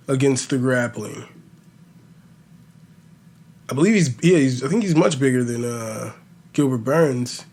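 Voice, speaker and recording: A man talking casually as a podcast host, rambling and swearing as he predicts fights, with a slight lisp. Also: medium pitch. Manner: profane, rambling, animated storytelling.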